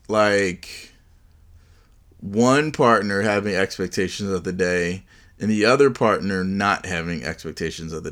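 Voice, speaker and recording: A man's voice: on the low side, a bit bright. A man hosting his own solo podcast, chatting casually in a joking, rambling way. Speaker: podcast host.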